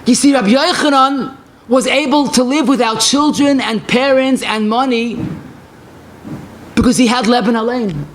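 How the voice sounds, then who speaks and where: Passionate high-voiced rabbi lecturing. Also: male voice, normal speed, slight background noise. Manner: passionate storytelling with Yiddish and Hebrew phrases. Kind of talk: Torah lecture.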